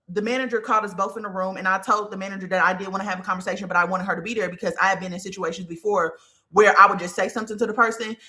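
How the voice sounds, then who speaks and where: A woman in her thirties talks through a personal story in a loose, casual monologue. Her voice is bright and forward, and she swears freely and builds up animated tellings. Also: fairly high pitch. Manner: candid, profane, animated storytelling. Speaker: podcast host.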